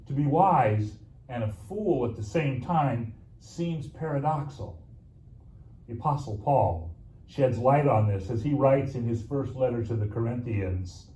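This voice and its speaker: A male pastor telling a sermon story with dramatic pauses and playful asides. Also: medium pitch, expressive, dark tone, distant mic, a little hiss or hum. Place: church sanctuary. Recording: echoey church room, mic from afar, faint ambience.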